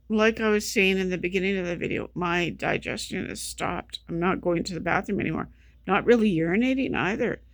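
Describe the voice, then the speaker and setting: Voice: medium pitch, vocal fry, no room sound, clean studio sound. A vlogger talking in a casual monologue, exhausted, sleep-deprived and feeling sick, rambling and repeating themselves with many restarts. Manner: rambling, repetitive, restarting sentences.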